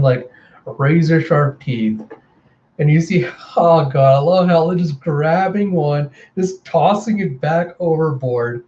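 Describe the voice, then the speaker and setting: An enthusiastic man retelling a comic in a casual, excited way. His voice sits a bit high but sounds mellow, and the room is echoey and a little dull. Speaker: comic reviewer.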